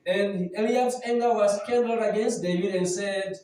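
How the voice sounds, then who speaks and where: A man preaches a sermon, retelling a Bible story with drama in a very high, mellow voice. He is recorded in a church hall with heavy echo, and the mic sits well away from him. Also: steady tone, moderate pace, few pauses, far from the mic. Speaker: pastor.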